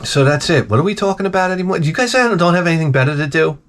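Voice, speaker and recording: Man vlogger, slightly high voice, ranting comedy bits, exasperated and crude. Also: expressive, very fast, a bit bright. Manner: profane, exasperated, rambling with restarts. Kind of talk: comedic storytelling rant.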